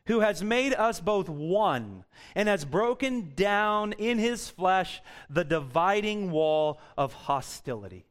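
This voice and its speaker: A young man preaching a sermon, rising to loud emphasis and dropping to quiet, drawn-out words. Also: sits high, big pitch swings, clear, resonant tone. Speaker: pastor.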